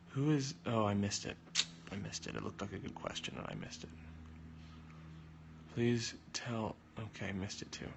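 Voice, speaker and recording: A young man chatting casually on a phone livestream, answering viewer comments with jokes and sudden jumps in pitch. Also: animated, takes it slowly, vocal fry, long pauses, slight background noise.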